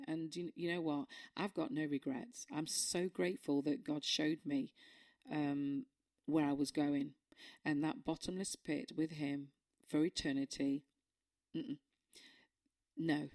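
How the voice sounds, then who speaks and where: Low-voiced woman giving testimony. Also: warm tone. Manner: earnest and emotional, halting with many fillers and restarts. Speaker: churchgoer sharing a testimony. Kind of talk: personal faith testimony.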